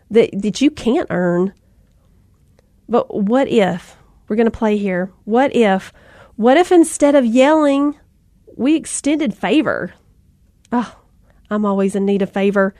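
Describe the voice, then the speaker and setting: Mom talking faith, high, dry voice. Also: female voice, expressive, a little slow, mellow, no echo. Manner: conversational, folksy, with asides and fillers. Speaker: Christian speaker. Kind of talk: faith-based talk to mothers.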